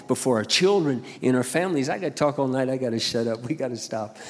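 A middle-aged man preaching a sermon as a pastor, telling stories and building to loud appeals. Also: medium pitch, fast, hardly any pauses, in a large hall. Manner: storytelling, swings to loud preaching.

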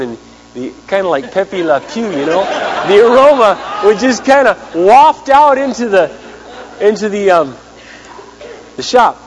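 A man preaching a sermon, telling a story in an animated way and acting out the people he quotes. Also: sits high. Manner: animated storyteller, acts out quotes, big swings in loudness. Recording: hum with long hall reverb.

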